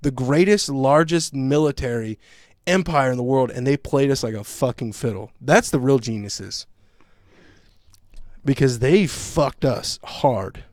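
A male podcast host telling a story in casual chat, with a profane, animated ranting manner. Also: mid-range voice, unhurried, dry recording, clean studio sound.

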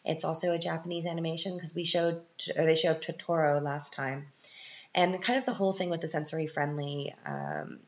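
A woman's voice: sits low, animated, a little fast, fairly bright tone. A woman hosting a casual solo podcast, chatty and upbeat with self-deprecating humor. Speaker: podcast host and parent. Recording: slightly muffled lo-fi audio.

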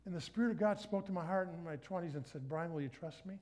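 A middle-aged man giving a sermon as a guest speaker, telling stories with animated acted-out dialogue. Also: on the high side, fast talker. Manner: animated storytelling, acts out his own inner dialogue.

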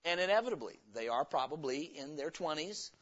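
A man's voice: on the high side, expressive, brisk, fairly bright tone. A man preaching a sermon as pastor, in a folksy, conversational way with homespun stories, in a church. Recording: dull lo-fi sermon recording.

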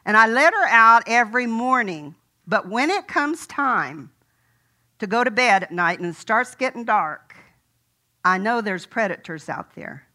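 A woman's voice: a little high, animated, measured pace, pushed and bright. An older woman preaching a sermon in a folksy, conversational way, telling a personal story.

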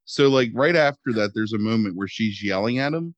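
A man co-hosting a podcast, sarcastic and animated in casual chat, mimicking voices for laughs. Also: on the low side, a little fast, no echo, lo-fi sound. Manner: animated, sarcastic, mocking accents. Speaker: podcast co-host.

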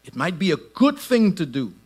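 A middle-aged man preaching a sermon, swinging between shouted lines and soft asides. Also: high-pitched, big pitch swings, moderate pace, husky. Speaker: pastor.

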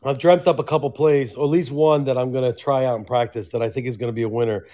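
A man's voice: mid-range voice, steady tone, fast, warm tone, poor audio. A man co-hosting a casual podcast, talking in a laid-back, rambling way about coaching. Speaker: podcast co-host and youth coach.

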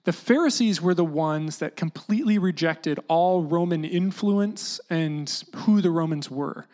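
A preacher giving a relaxed, conversational sermon at a middle pitch. The delivery is animated and chatty, with plenty of "like" and "you know". The voice sometimes drops low and hushed. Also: measured pace. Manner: casual, animated teaching with lots of "like" and "you know"; often drops into a hushed voice to act out quotes.

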